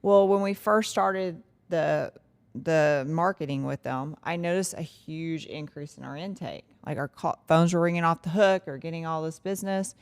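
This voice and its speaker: Female office administrator, lowish voice, casual and talkative. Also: moderate pace, clean tone. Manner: chatty, retells conversations. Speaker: law firm administrator. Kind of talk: casual podcast conversation.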